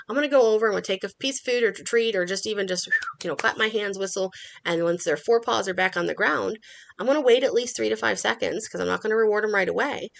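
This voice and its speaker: A middle-aged woman hosting a dog-training podcast, explaining methods in an instructional tone and acting out the dogs' thoughts in a playful voice. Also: vocal fry. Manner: animated, acts out dog thoughts in a high playful voice.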